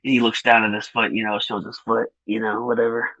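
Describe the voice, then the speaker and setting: A young man co-hosting a casual film review podcast, ranting profanely and laughing through animated retellings. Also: lowish voice, a little fast, no room sound, lo-fi sound. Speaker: podcast co-host.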